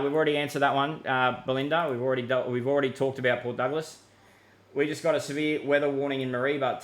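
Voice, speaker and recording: A man's voice: medium pitch, a bit bright. A man with an Australian accent hosting a live weather Q&A, talking casually and easily, calling people mate and thinking aloud with fillers. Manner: laid-back, chatty, calls people mate, many fillers. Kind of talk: casual live-stream chat.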